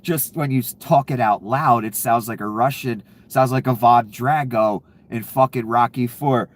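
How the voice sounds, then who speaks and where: A man's voice: medium pitch, a little slow. Sarcastic ranting man. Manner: ranting, sarcastic, laughs at his own jokes. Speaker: political commentator. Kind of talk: casual profane commentary.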